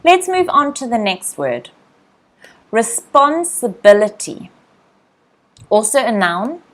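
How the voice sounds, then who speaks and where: A young woman with an Australian accent teaching English vocabulary in a live online lesson, repeating each word slowly and greeting viewers by name. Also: on the high side, sing-song. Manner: slow, drilled word repetition.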